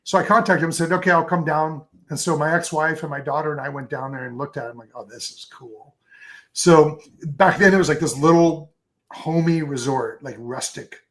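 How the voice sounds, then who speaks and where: A man's voice: on the high side, fairly quick. A man chatting as a photographer guest in an interview, telling long enthusiastic stories with lots of fillers and restarts. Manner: enthusiastic, rambling storyteller with many fillers. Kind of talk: casual interview chat.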